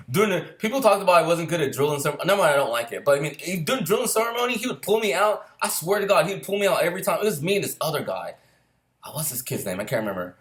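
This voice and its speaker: A man's voice: fairly high pitch, sing-song, quick pace, fairly bright tone. A man casually telling a long, rambling story, swearing often and laughing between lines. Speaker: storyteller recalling boot camp.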